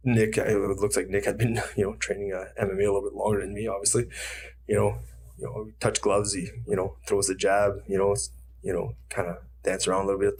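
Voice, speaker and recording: A man's voice: fairly low pitch, slight background noise. A man, a retired fighter, telling stories in a casual interview, acting out quotes and swearing freely. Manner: animated storyteller, acts out quotes, swears freely.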